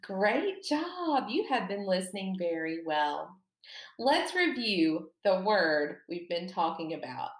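Woman, elementary teacher, encouraging, slow, lively pitch, echoey room. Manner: slow, animated, encouraging, exaggerated emphasis for children. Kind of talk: second-grade lesson to camera.

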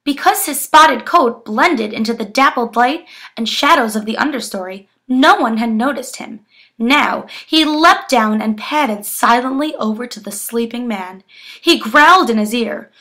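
A young woman reading a children's picture book aloud with expressive storytelling. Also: fairly high pitch, a little slow. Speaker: education student.

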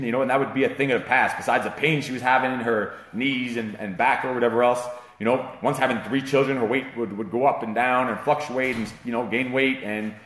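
A man's voice: mid-range voice, fairly bright tone, roomy sound. A man hosting a live fitness talk show, rambling and profane, hyping up a client's progress. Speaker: fitness trainer and show host. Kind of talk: casual livestream talk.

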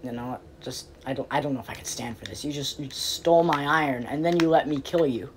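A woman commentating casually on her game, rambling and playfully exasperated, breaking into quick pleading outbursts. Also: a bass voice, slight background noise. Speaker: game player.

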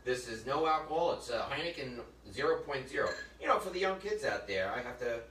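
A man hosting a casual cooking show, joking and telling stories in a chatty, animated way. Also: mid-range voice, brisk, slight background noise. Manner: chatty, jokey, animated storyteller. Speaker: host of a live cooking show. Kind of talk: casual storytelling chat. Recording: echoey room, mic at a distance.

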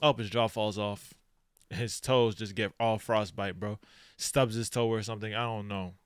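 Man, reaction host, slangy and heartfelt, smooth tone, dry close sound. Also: fairly low pitch, fairly even intonation, moderate pace, no room sound. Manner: heartfelt, slang-heavy, swings from quiet reflection to loud exclamations. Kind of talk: reacting to an anime.

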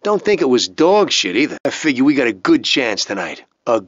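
A man's voice: medium pitch, very animated, a little fast, breathy edge, no room sound. An actor playing a brutal, foul-mouthed male gang thug in a video game, swaggering and taunting with lots of profanity. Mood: muttering, bored. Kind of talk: video game character dialogue. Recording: dry, slightly dull studio sound.

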